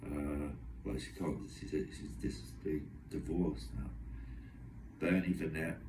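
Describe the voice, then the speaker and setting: A young man with a low, deep voice pours out a rambling, aggrieved monologue. He talks in long run-on strings of complaint. The recording is roomy and echoey, with the voice sitting back from the microphone over a faint background hum. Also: slow, distant mic. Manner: aggrieved, agitated, run-on storytelling. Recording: echoey room, voice away from mic.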